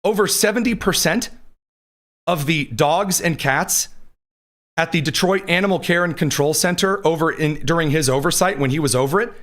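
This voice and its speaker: Combative man hosting political commentary, higher voice. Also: moderate pace, a bit bright. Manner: combative, sarcastic, reads quotes aloud. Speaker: political show host. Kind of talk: live-streamed political commentary. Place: studio.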